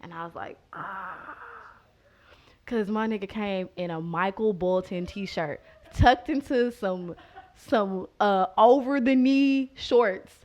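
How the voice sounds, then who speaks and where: Loud, lively woman storyteller. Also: medium pitch, a little slow, dull audio. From Boley, Oklahoma. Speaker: guest. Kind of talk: poem reading and comic storytelling.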